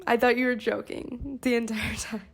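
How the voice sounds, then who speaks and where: Excitable young woman with a gravelly edge. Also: a little high, moderate pace. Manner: excitable, laughing, slangy. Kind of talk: casual chat.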